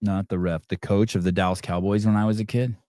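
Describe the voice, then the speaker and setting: A man's voice: fairly low pitch, steady tone, fast, mellow, no room sound, studio quality. A man hosting a live call-in podcast, rambling in a sarcastic, profane way. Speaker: podcast host.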